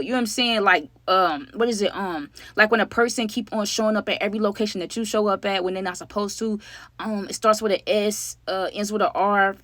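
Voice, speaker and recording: A woman's voice: mid-range voice, quick pace, fairly bright tone, no room sound. A woman telling a story in a casual vlog, slangy and talking straight to viewers, acting out what each person said. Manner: acts out the other people's lines.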